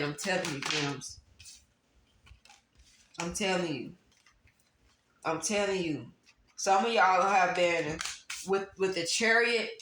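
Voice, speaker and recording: A woman giving a casual tarot reading to her viewers, talking emphatically and repeating phrases for stress. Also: medium pitch. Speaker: tarot reader. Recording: roomy echo, faint background noise.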